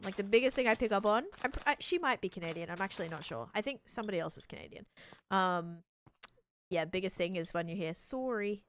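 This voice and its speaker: A woman's voice: medium pitch, a little hiss or hum. Chatty Australian woman livestreaming. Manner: rambling, chatty, heavy use of "like". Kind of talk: casual chat while gaming live.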